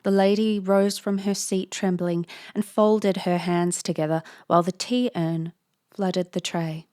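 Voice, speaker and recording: A woman's voice: lowish voice, little pitch movement, unhurried, a little mellow. A woman reading a Victorian ghost story aloud, breaking off now and then for playful, self-mocking asides. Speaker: reader, narrator.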